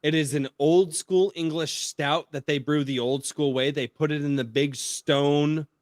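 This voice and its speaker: A man hosting a podcast in casual chat, telling stories in an excitable, profane way. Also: a little high, measured pace, no room sound, studio quality. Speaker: podcast host.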